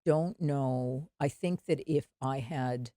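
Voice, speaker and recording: A woman's voice: rumbling low, slow pace, warm tone, no room sound, studio quality. A middle-aged Canadian woman co-hosting a podcast, laughing often and restarting her sentences. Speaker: podcast co-host. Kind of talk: casual chat.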